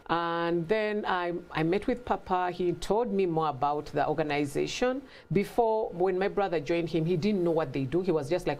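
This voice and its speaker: A woman's voice: fairly low pitch, moderate pace, few pauses, a little mellow. A middle-aged woman with a mixed African and British accent, a guest telling her story in a conversational interview and acting out quoted voices.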